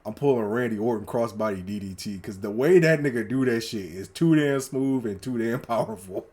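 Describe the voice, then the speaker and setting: A man co-hosting a podcast in casual chat, animated and swearing freely as he acts out scenes. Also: mid-range voice, fairly quick. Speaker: podcast co-host.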